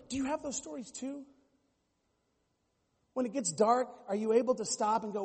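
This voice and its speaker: A man preaching a sermon as pastor, animated and at times mimicking other voices. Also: very high voice, moderate pace, long pauses, slightly rough, big-room sound.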